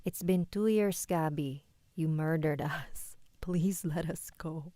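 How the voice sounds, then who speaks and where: A woman's voice: low-pitched, takes it slowly, mellow, no room sound. A woman voicing a ghostly mother who speaks with a put-on accent, first doting and then pleading.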